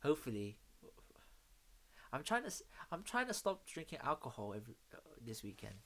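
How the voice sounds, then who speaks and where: A man's voice: medium pitch, fairly quick. A man telling stories in casual chat, full of slang and swearing. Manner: animated storyteller, heavy street slang and swearing.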